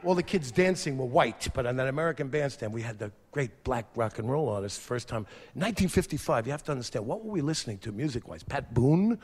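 A man in his fifties performing a stand-up comedy routine on stage, animated, breaking into shouted impressions and sung snatches. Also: medium pitch, quick pace, few pauses, breathy edge, in a large hall. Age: 50s. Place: theater stage before an audience. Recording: live stage mic over a laughing crowd and noise.

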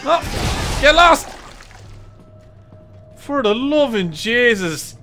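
A young man playing a horror game on camera, with a very high, bright voice that leaps all over the place. He drawls slowly, curses constantly and yells at the monsters, with faint game music behind him. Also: big pitch swings. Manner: swears a lot and yells at enemies. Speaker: gaming YouTuber. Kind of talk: let's play commentary.

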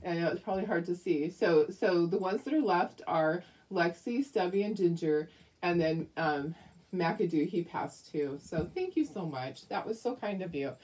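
A woman's voice: on the low side, lively intonation, moderate pace, darkish tone, breathy edge. A middle-aged woman hosting a crafting livestream, chatting casually and affectionately with viewers and greeting them by name.

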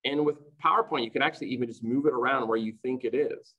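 A man with a squarely mid-pitched voice gives an online conference talk for teachers, explaining things in a chatty, running way at a quick pace and repeatedly checking in with "right?" The narrow, tinny audio sounds like a computer mic on a video call.

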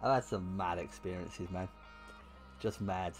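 A young man livestreaming, telling a story to his chat in an animated way with lots of swearing and bursts of laughter. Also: low voice, a little slow, faint music behind. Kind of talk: casual storytelling to stream chat.

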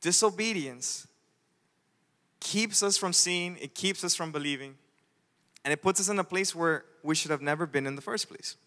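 Bright-voiced male pastor in a reverberant hall. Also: sits high, moderate pace. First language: Spanish. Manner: animated storytelling, acting out quoted voices. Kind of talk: sermon. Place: church sanctuary. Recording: church hall with long reverb.

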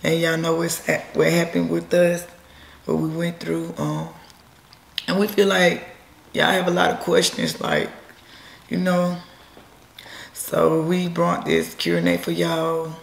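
A woman with a hoarse, nearly lost voice, chatting casually and rambling as a vlog co-host. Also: lowish voice, a little slow, long pauses. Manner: chatty, rambling, laughs often. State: hoarse, losing her voice. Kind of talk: casual chat. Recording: echoey room.

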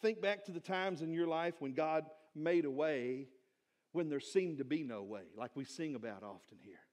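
High-voiced pastor preaching. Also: male voice. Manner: animated preaching with rhetorical questions. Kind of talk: sermon. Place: church sanctuary.

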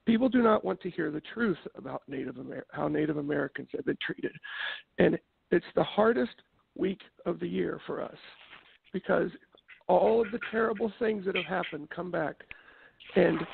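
A man calling in to a show, making an indignant, preachy complaint in a gravelly voice. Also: fairly high pitch, no room sound. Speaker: caller. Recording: tinny phone line.

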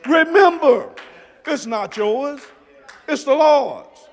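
Brief: male pastor, sermon delivery, very high voice and slow pace, soft-to-shouting dynamics. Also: animated, long reverb tail. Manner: swings from soft low murmurs to shouted emphasis. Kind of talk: preaching a sermon. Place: church sanctuary.

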